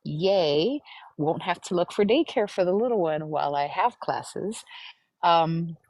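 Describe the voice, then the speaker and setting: A young woman, a guest on a live stream, telling her testimony in an emotional, animated way. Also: on the low side, unhurried, no echo.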